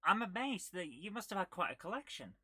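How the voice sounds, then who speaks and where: A woman hosting a casual retro gaming live stream, chatting with viewers and reacting excitedly while she plays. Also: medium pitch, a little fast, breathy edge, no room sound. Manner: chatty, reads viewer comments aloud, bursts of excitement while playing.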